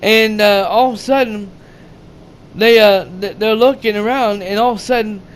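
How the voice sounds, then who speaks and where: A man's voice: high voice, steady tone, normal speed, clean tone. A man casually recapping a movie's plot, rambling and repeating himself with lots of "you know"s. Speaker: channel host reviewing a movie.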